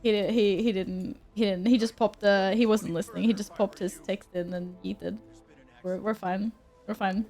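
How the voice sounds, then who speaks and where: A young woman chatting casually on a game stream, joking and rambling with quick self-corrections. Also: mid-range voice, fairly even intonation, a little mellow, faint music behind. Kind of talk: casual live-stream chat while gaming.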